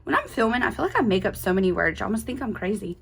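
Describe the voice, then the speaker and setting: A woman's voice: mid-range voice, very animated, very fast, vocal fry, a bit bright, a little hiss or hum. A young woman, hosting a quilting tutorial in an upbeat, chatty way with playful little asides. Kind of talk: casual step-by-step tutorial.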